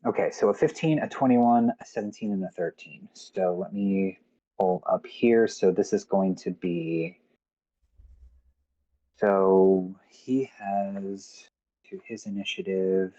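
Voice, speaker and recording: Slow, hesitant male game master. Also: low-pitched, dark tone, highs cut off. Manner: hesitant, with many ums and restarts. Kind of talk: narrating a tabletop game on a live stream.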